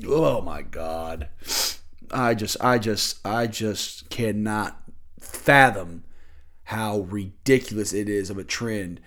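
A man's voice: medium pitch, lively intonation, measured pace. A man hosting his own podcast, talking casually and ranting bluntly with lots of swearing. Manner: loose and conversational with fillers. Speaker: podcast host. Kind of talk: casual solo podcast chat.

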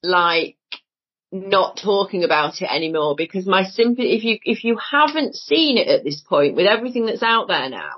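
Her voice slightly rough and mid-range, this Northern English woman talks at a moderate pace with big swings in pitch. She's a guest on a casual podcast, blunt, emphatic, and freely swearing. The recording sounds dull and lo-fi.

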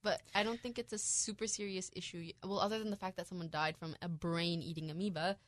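A young woman co-hosting a casual news podcast, chatty and quick to laugh, with lots of fillers. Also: lowish voice, fairly even intonation, no echo. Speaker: podcast co-host.

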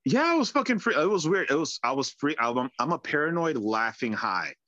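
Bright-voiced man rambling a story. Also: on the high side, sing-song, brisk, no room sound, muffled recording. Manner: rambling storytelling, heavy swearing, laughing through his words. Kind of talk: casual chat.

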